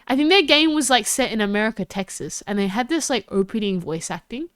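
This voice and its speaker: A woman's voice: lively intonation, brisk, fairly bright tone, clean tone, no room sound, studio quality. A woman with an Australian accent, rambling and giggling through casual chat with her live stream audience. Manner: rambling and giggly, with big jumps in pitch.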